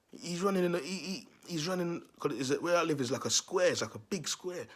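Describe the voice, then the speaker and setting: A man's voice: fairly high pitch, brisk, fairly bright tone, slightly rough. A man, a vlogger telling a neighbourhood story to his viewers in a slangy, repetitive way.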